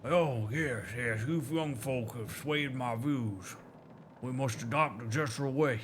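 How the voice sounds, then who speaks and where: Man playing old creature, Southern drawl, slow, stiff formal speech, video game. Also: mid-range voice, a little hiss or hum, lightly acted. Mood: rueful. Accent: Southern US drawl, put on. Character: old creaky male Grandest creature, formal.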